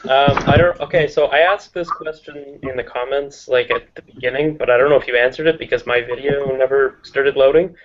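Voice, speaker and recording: A man's voice: mid-range voice, fairly even intonation, brisk, few pauses, highs cut off. A man chatting casually as a guest, hesitant with many ums, making dry jokes. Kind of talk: casual group chat.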